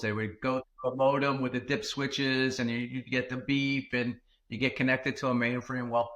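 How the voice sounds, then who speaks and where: A man telling a story as a podcast guest, with an ordinary mid-pitched voice. He speaks in an animated way, with lots of fillers and restarts. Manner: animated, with fillers and self-corrections. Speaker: guest, former tech executive.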